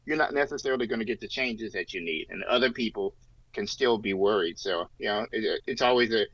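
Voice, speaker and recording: A man's voice: on the low side, fairly quick, creaky, a bit bright, dry recording. A man co-hosting a podcast, talking through politics in a rambling, casual way with many fillers and restarts. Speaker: podcast co-host. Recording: dull lo-fi sound, dry.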